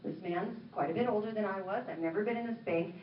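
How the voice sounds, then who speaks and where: A woman minister preaching a sermon, telling a story in an animated way and acting out the dialogue. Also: mid-range voice, fast, slight background noise. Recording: roomy, distant, dull sound.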